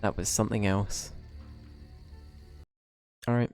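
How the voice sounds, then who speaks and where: A man's voice: on the low side, flat delivery, slow, darkish tone, soft background music. A man streaming a video game, thinking aloud in a casual manner and swearing now and then. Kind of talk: live gameplay commentary.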